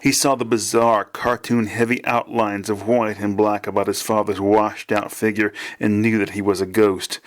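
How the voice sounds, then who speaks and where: A man, the author, reading his novel aloud in a plain, measured way. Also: on the low side, flat delivery.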